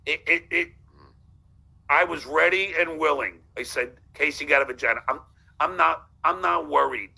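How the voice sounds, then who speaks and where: A man's voice: a little high, unhurried, gravelly, bright, forceful tone, breathy edge. A man ranting in played clips, profane and combative, hurling insults. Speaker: guest shown in clips. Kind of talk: heated rant.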